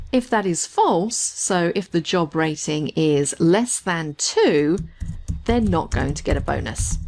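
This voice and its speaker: Woman, spreadsheet tutor, animated intonation, lowish voice, methodical explaining. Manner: clear, methodical step-by-step explaining. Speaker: spreadsheet instructor. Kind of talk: screen-recorded software tutorial.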